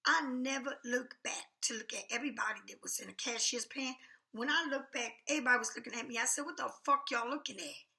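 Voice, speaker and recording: Female vlogger, high bright voice, blunt angry storytelling rant full of swearing. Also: fast talker, creaky.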